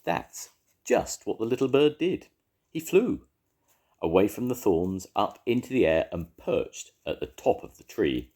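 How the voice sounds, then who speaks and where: An older man reading a children's story aloud to his grandchildren, expressive and warm. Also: deep voice, normal speed, slightly rough.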